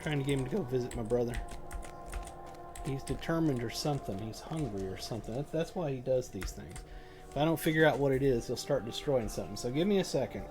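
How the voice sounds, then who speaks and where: A man's voice: mid-range voice, lively intonation, fast. A man streaming a game from home, chatting casually and thinking aloud with lots of fillers. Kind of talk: casual live-stream chat. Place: home room at a computer. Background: game music and keyboard typing.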